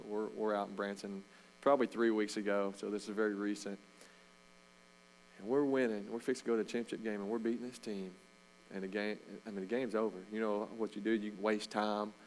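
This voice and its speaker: A middle-aged man, a coach giving an informal, animated sermon talk in a church. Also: on the low side, slight background noise, low-quality recording. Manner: storytelling, animated, with loud shouted bursts.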